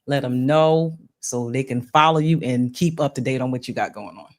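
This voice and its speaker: A woman's voice: very deep voice, moderate pace, darkish tone. A woman from Pennsylvania hosting a casual podcast chat, talking to her audience in a folksy way and calling them y'all. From Pennsylvania, USA. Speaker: podcast host.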